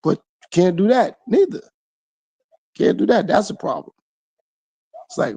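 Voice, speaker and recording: A man's voice: fairly high pitch, moderate pace, creaky, pauses often, dark tone, no echo, highs cut off. A man hosting his own podcast, talking through a reflective solo monologue full of repeated phrases and rhetorical questions. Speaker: podcast host.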